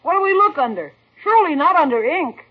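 A woman's voice: very high voice, sing-song, quick pace, lo-fi sound. An actor voicing a cheeky nephew, a young boy who trades dry, smart-alecky quips, in an old radio comedy. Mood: wisecracking. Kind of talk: 1940s radio comedy acting.

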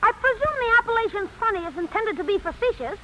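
A woman's voice: very high voice, animated, fast talker, fairly bright tone, rough recording. A woman voicing a pompous, stilted boy genius in a 1940s radio comedy. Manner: lofty, stilted, pompous wording. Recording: hissy old radio broadcast.

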